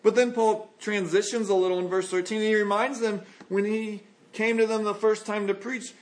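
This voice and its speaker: A man preaching an expository sermon as a pastor, earnest and measured, in a conversational tone. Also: sits high.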